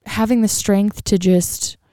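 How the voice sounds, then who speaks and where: A woman's voice: medium pitch, takes it slowly, no room sound, studio quality. A woman co-hosting a podcast in casual, chatty conversation, talking freely about her spiritual experiences. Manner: chatty, animated, acts out voices. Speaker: podcast co-host. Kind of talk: casual chat.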